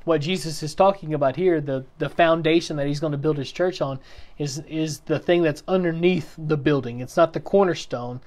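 A man teaching a Bible class in a relaxed, explanatory way, with plenty of fillers and restarts. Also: a little high, moderate pace. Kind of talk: casual teaching talk. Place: church classroom.

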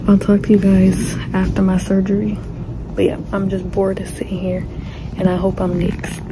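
A woman's voice: mid-range voice, completely flat delivery, normal speed. Chatty young woman in a noisy hospital room. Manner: nervous, chatty, says y'all. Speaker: vlogger. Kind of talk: casual phone vlog. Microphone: phone camera.

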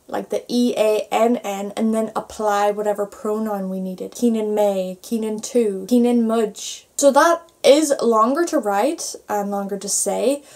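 Slow, patient Irish woman teaching. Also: mid-range voice, a little mellow. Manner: patient, spells out endings letter by letter. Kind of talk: online grammar lesson.

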